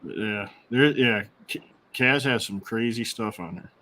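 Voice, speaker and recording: A man in casual chat, telling stories in a relaxed way with plenty of restarts. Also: fairly low pitch, a little slow. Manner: relaxed storytelling with fillers and restarts. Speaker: co-host.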